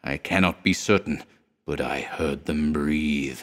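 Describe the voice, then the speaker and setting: A man voicing a terrified, drug-haunted man in a storybook reading, who swings between shrieks and moaning, hoarse whispers. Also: low-pitched, lively intonation, a little slow, a bit bright.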